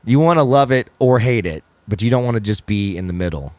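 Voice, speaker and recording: A man's voice: lowish voice, expressive, a little fast, dry recording. A man co-hosting a casual band podcast from Georgia, rambling and cursing freely, laughing often. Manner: rambling, profane, laughing, slips into mimicked voices. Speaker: band member and podcast co-host. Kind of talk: casual banter.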